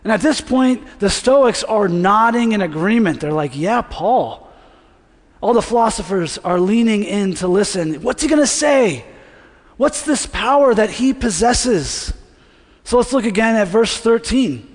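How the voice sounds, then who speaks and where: A man with a high voice preaches to his congregation in a relaxed, conversational way, often asking them to say words back to him. His voice rings out with the long reverb of a large church sanctuary. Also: normal speed. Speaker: pastor. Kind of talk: sermon.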